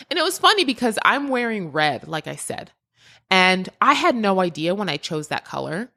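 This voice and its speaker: A woman hosting a solo podcast, telling a story in an animated way with laughter and big jumps in pitch. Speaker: podcast host and creativity mentor.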